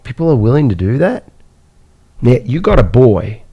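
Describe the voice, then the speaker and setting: A man telling his life story as a podcast guest, animated, with repeated words and rhetorical questions. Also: mid-range voice, normal speed, creaky, slightly rough. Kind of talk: personal storytelling in a podcast interview.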